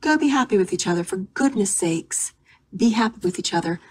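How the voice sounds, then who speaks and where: A woman's voice: fairly low pitch, normal speed, breathy edge. A woman, a reality show cast member, talking candidly and emphatically in an interview clip, at times dropping to a near whisper.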